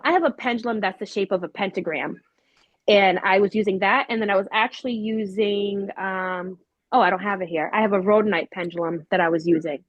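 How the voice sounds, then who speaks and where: A woman telling her paranormal investigation experiences in a casual, animated way, with many fillers. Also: mid-range voice, dry recording, highs cut off. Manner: animated, acts out quoted voices with many fillers. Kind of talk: casual storytelling.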